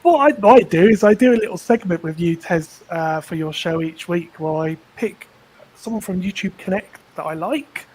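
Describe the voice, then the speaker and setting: A man's voice: high-pitched, normal speed, a little mellow, breathy edge, rough recording. A man co-presenting a live stream in a casual, jokey way, hamming up comic skits with mock panic. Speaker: guest co-presenter.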